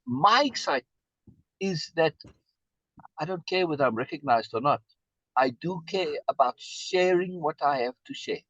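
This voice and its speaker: A man's voice: on the high side, animated, moderate pace, pauses often, fairly bright tone, no room sound, dull audio. A man musing reflectively in a casual video meeting, stammering and repeating words as he talks. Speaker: meeting participant being honored.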